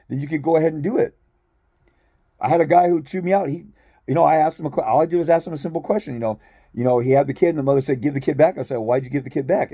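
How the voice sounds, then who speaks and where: A man's voice: fairly high pitch, mellow, no room sound, studio quality. A man ranting bluntly and profanely to his viewers as a fathers' rights advocate, exasperated and confrontational.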